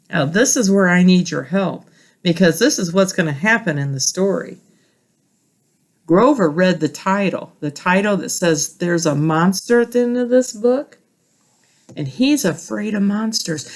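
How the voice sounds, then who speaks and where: A woman teacher reading a picture book aloud to children, gentle and instructive, talking straight to her listeners. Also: mid-range voice.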